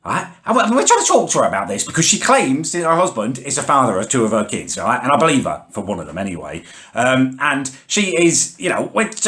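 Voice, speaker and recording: A man's voice: mid-range voice, big pitch swings, fairly quick, a bit bright. A man in a comedic vlog, ranting angrily and swearing with exasperation. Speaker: vlogger.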